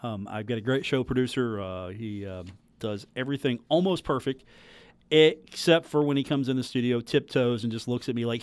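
A man's voice: medium pitch, moderate pace, darkish tone, no room sound. A man hosting live sports radio from a studio, rambling and joking with lots of restarts. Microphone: studio microphone.

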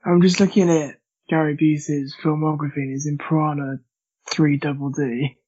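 Male guest, easygoing, slightly high husky voice. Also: little pitch movement, normal speed, darkish tone, dull audio. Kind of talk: casual film review chat.

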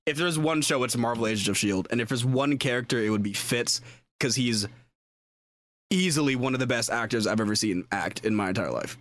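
A young man chatting casually as a podcast co-host, excitable and rambling, full of fillers and restarts. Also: medium pitch, brisk, dry recording, clean studio sound. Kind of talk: casual chat.

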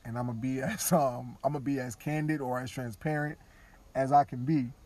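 A man podcasting, talking candidly and casually, now and then dropping into quiet mock voices of others. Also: mid-range voice, fairly even intonation, normal speed. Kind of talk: casual opinion talk.

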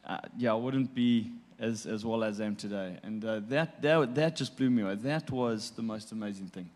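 A man, a guest on a talk show, telling a personal story in a heartfelt, halting way, repeating words and laughing between moments. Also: on the low side, darkish tone.

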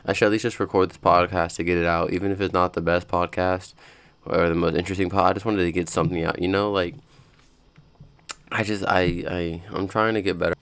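A man's voice: deep voice, level tone, brisk, a bit bright, clean tone, no room sound. A young man hosting his own podcast, rambling and cursing in a frustrated, casual chat from his room at home. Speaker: podcast host.

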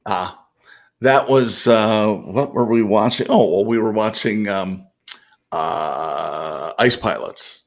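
A man's voice: fairly low pitch, slow. A man co-hosting a podcast, chatting casually with lots of fillers, restarts and chuckles. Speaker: podcast co-host. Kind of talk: casual chat.

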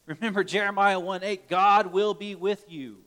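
A man preaching a sermon earnestly, swinging between loud urgent lines and hushed soft ones, often repeating words as he restarts. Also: sits high, steady tone, normal speed, smooth, big-room sound. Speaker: pastor.

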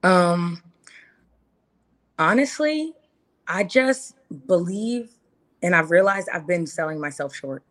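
A woman's voice: fairly low pitch, takes it slowly, long pauses. A woman in her thirties, a podcast guest talking earnestly and with feeling, acting out quotes in her own words. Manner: earnest and animated, acts out quotes. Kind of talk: casual interview chat.

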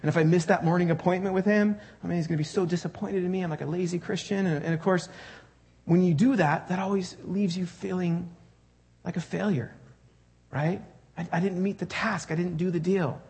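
A man's voice: sits high, steady tone, fairly quick, a little mellow, breathy edge. A man preaching a sermon to his church congregation, in a conversational, joking way that puts questions to the crowd. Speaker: pastor.

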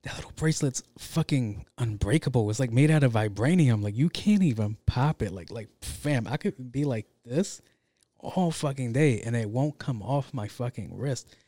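A young man hosting a podcast, telling a story in a casual, profane, animated way with lots of slang. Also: mid-range voice, moderate pace, no room sound. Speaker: podcast host.

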